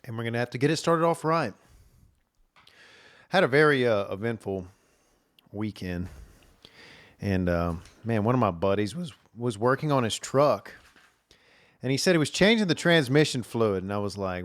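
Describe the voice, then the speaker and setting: A man's voice: medium pitch, animated, normal speed, long pauses, no echo, studio quality. A man hosting a solo podcast, telling stories in a rambling way with lots of fillers and restarts. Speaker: podcast host. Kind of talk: casual solo podcast monologue. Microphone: camera recording at a desk.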